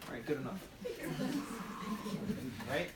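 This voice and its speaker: With a slightly high voice whose pitch swoops wildly, a male nursing instructor speaks slowly in a classroom demonstration lecture, drilling points and quizzing students. The recording is noisy, taken from afar in an echoey room.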